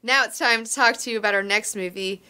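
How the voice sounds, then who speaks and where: A young woman from Alabama, hosting a casual live stream, animated and profane, jumping from loud excitement to mumbled asides. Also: on the high side, fast, clear, resonant tone, rough recording. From Alabama, United States. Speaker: host.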